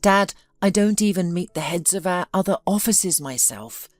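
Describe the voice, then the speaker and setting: A woman's voice: lowish voice, moderate pace, dry recording, studio quality, natural voice. A woman voicing a tired, impatient businessman son who talks in a dismissive way. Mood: weary.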